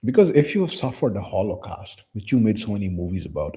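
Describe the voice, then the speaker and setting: A man's voice: deep voice, lively intonation, brisk, warm tone, husky. A man hosting a casual commentary channel, reading posts aloud and reacting to them with blunt, profane, scornful remarks.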